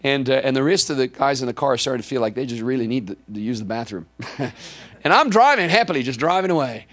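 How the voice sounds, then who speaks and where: A preacher with a South African accent tells a story from the pulpit. His voice sits at an ordinary middle pitch, and his delivery is lively and conversational, with frequent repeated words as he builds the tale. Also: fast. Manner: animated anecdotal telling with frequent repeated words. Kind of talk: sermon storytelling.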